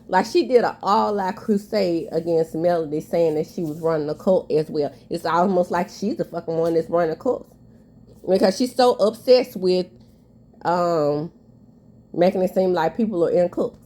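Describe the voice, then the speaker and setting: A woman's voice: lowish voice, normal speed, mellow. A woman, giving casual, emphatic commentary with a stuffy nose. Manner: candid, emphatic, sassy. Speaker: commentary vlogger.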